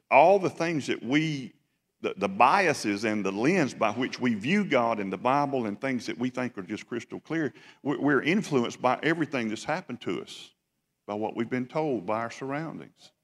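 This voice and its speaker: A pastor delivers a Sunday sermon with a mid-range voice, pressing his points through repeated phrases and questions to the room. His voice carries into the long reverb of a large church sanctuary. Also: mid-range voice. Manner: emphatic, repetitive preaching with rhetorical questions. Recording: long echo of a church hall.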